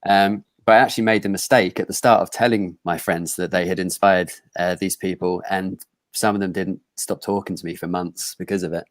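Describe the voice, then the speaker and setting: Brief: deep-voiced male writer, halting, dry close sound. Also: steady tone, no room sound. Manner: hesitant, lots of ums and restarts. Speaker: guest writer. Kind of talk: casual video-call chat.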